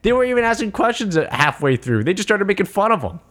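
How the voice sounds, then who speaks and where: A man casually recapping a movie scene, animated and profane, laughing often and acting out quotes. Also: high-pitched, fast. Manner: profane, slangy.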